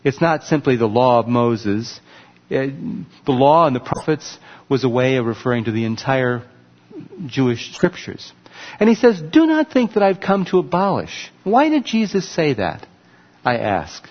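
A man's voice: medium pitch, sing-song, normal speed. A man preaching a sermon, teaching in an emphatic way and pointing things out on a screen with a laser pointer. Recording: muffled recording with long hall reverb.

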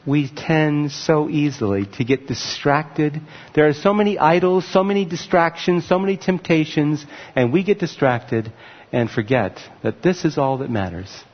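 Preaching man with fillers and restarts. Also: fairly high pitch. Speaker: pastor. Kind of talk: sermon. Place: church sanctuary. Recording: muffled sound with long reverb in a church hall.

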